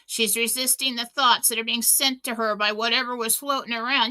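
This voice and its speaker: A woman's voice: on the high side, fairly even intonation, brisk, hardly any pauses, pushed and bright. A middle-aged woman hosting a radio talk show, telling stories in a chatty way, full of fillers and restarts. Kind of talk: casual inspirational talk.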